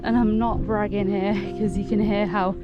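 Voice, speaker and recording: An excitable, chatty woman, talking casually to camera while hiking outdoors, laughing often. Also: mid-range voice, moderate pace, lo-fi sound, loud music behind the voice. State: out of breath. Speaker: solo hiker vlogger.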